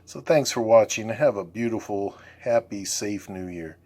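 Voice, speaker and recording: A man's voice: fairly low pitch, moderate pace, darkish tone. A man hosting a home cooking video, casually walking through each step and admiring the food. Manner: easygoing, keeps calling the food beautiful. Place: home kitchen.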